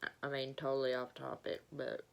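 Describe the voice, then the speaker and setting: A woman with a Southern Alabama accent, telling a story in a rambling, halting way as she eats and talks with her mouth full. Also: a bass voice, monotone, gravelly. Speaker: vlogger. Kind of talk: casual storytelling while eating.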